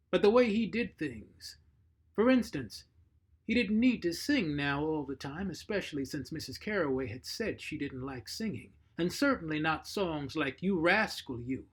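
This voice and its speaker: A man reading a short story aloud, measured and expressive. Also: fairly high pitch, husky. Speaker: narrator.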